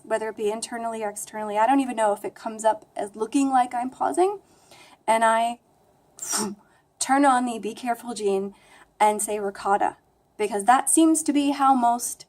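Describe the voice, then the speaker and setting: Young woman vlogger, flat American accent, slightly high, self-deprecating and chatty. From United States. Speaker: language vlogger. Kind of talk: casual talking-to-camera vlog.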